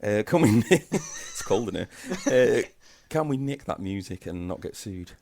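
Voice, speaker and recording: Playful lower-voiced man. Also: expressive, a little slow, vocal fry, a little mellow. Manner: playful, jokey, hums jingles. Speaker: podcast co-host. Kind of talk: casual podcast chat.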